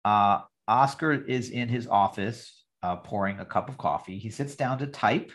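A man's voice: on the low side, moderate pace. A man hosting a podcast, chatting casually as he recaps a sitcom scene. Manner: animated, acts out lines in the retelling. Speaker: podcast host.

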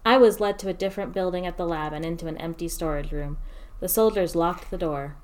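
A woman telling a first-person story in a steady, measured narration. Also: lowish voice.

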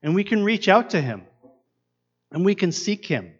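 Male pastor, high voice, lively and expressive delivery, earnest questions, dull lo-fi sound. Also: normal speed, husky. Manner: earnest, asks the listeners many questions. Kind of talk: sermon.

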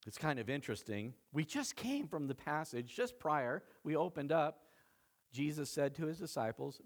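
A male pastor preaching a sermon with animated, dramatic storytelling, acting out the quotes. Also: fairly high pitch, normal speed.

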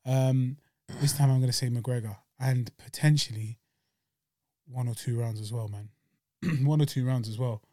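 A man's voice: medium pitch, fairly even intonation, moderate pace, mellow, no room sound, studio quality. Slangy man on a sports podcast. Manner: laid-back, slangy, clears throat often. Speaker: podcast co-host. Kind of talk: casual sports chat.

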